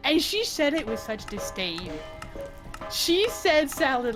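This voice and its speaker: A woman chatting on a game stream, telling a long story in an animated, giggly and talkative way. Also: high-pitched, moderate pace, music in the background. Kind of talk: casual storytelling chat during gameplay.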